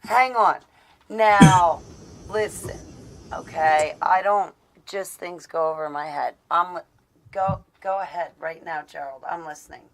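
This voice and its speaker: A woman's voice: fairly low pitch, unhurried, a little hiss or hum. A woman hosting a livestream, chatting casually and laughing along with her guest. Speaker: livestream host. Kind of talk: casual chat.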